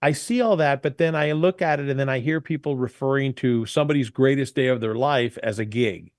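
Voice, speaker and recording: A man's voice: mid-range voice, a little fast, no echo, studio quality. A man who owns an entertainment company, chatting in an interview and giving business tips. He tells stories with energy and acts out the quotes. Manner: animated storyteller, emphatic, acts out quotes. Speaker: DJ entertainment company owner, guest.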